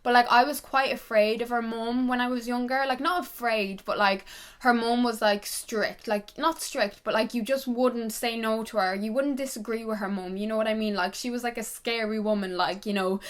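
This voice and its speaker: A woman's voice: fairly high pitch, moderate pace. A young woman, chatting to camera and telling stories in a gossipy way. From Ireland. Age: young adult. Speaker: YouTuber. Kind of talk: casual chat to camera.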